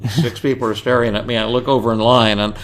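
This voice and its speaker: A male psychiatrist and podcast host telling a personal story in casual speech, halting with fillers and restarts, raising his voice to act out what others said. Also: medium pitch, fairly even intonation. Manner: acts out quoted voices louder.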